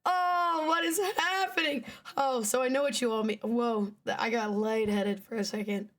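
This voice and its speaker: A woman's voice: fairly high pitch, little pitch movement, moderate pace. A young woman streamer reacting casually to a game, swearing and laughing in disbelief. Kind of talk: casual gaming stream chat. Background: game music.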